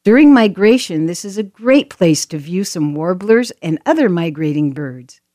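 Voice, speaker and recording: A woman's voice: fairly low pitch, expressive, normal speed, warm tone, dry recording, studio quality. A woman reading scripted audio tour narration in an inviting way, pointing out sights to listeners.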